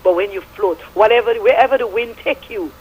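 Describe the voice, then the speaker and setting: A woman's voice: medium pitch, a little fast, a little mellow, husky, poor audio. A middle-aged woman with a Statian Caribbean English accent, calling in to a radio show and giving fervent, preachy testimony with biblical references. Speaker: radio caller. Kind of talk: impassioned call-in testimony.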